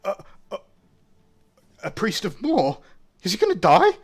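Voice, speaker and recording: A man's voice: high-pitched, wildly swooping pitch, a little slow, breathy edge, pitched above the performer's own voice, full character voice. A man voicing a gullible city guard who stammers and panics easily. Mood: panicked.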